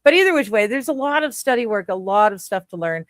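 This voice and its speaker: A woman's voice: mid-range voice, animated, quick pace, dry recording, studio quality. A woman in her forties hosting a casual chat podcast, giggly and rambling, full of fillers and restarts. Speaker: podcast host.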